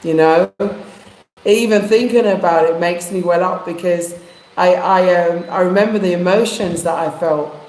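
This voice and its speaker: A woman's voice: fairly low pitch, normal speed, a little mellow. A woman from England telling a heartfelt personal story in casual chat, using street slang. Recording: echoey room.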